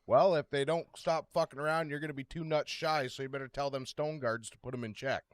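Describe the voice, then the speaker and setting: A man's voice: medium pitch, steady tone, brisk, no room sound. A man playing a tabletop game, speaking in character with crude, menacing threats. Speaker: player.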